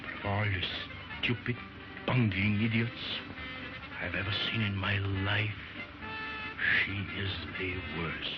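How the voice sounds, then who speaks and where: An actor playing an arrogant, bullying stage ventriloquist in an early sound film. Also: male voice, on the low side, steady tone, measured pace, long pauses, close to an everyday voice. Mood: cold fury. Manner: haughty and scornful. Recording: dull lo-fi 1920s film soundtrack with music.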